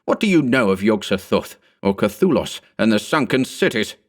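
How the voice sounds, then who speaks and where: A man voicing an ageless male sorcerer who rants scornfully in a high, archaic, cackling voice. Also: big pitch swings, moderate pace. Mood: raving scornful. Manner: ranting, contemptuous.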